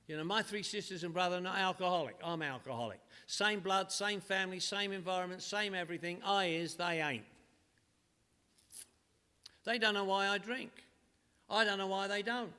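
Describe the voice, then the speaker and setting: A man's voice: high voice, pushed and bright. An older man giving a humorous recovery talk to a live audience in a meeting hall, telling stories in a punchy, wisecracking way. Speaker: AA speaker.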